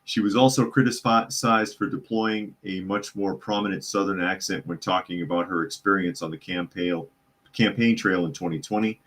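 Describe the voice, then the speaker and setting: A deep-voiced man hosts a live news podcast from his home. He talks casually and drops sarcastic, chatty asides while he reads out articles. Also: fairly even intonation, moderate pace, a bit bright. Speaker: podcast host. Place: hot home room with a loud computer fan.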